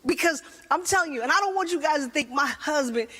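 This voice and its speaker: High-voiced woman doing stand-up. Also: fast. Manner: animated storytelling with voices. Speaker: stand-up comedian. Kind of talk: stand-up comedy routine.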